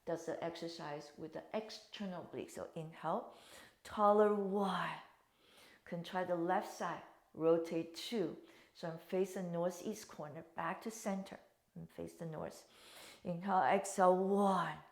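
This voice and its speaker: Her voice on the low side, steady and a little slow, a Pilates instructor guides her class through the exercises. She calls out breaths and counts in a slightly phrased way, recorded in an echoey room.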